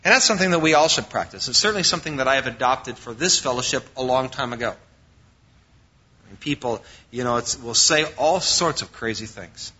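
Male pastor, sermon delivery, bright and forceful, fillers and restarts, dull lo-fi recording. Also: mid-range voice, animated, moderate pace, breathy edge. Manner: preaching with fillers and restarts, quoting scripture.

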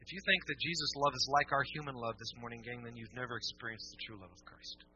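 A man preaching a sermon to his church in a casual, animated way, slipping into mock voices to make his points. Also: medium pitch, fast talker, slightly rough. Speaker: pastor. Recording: dull lo-fi church recording.

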